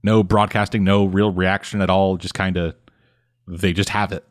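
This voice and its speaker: A man casually recapping a comic book on a podcast, rambling and swearing often, with dry, deadpan asides. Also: low-pitched, normal speed. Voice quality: rambling, profane, deadpan summary. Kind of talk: casual chat.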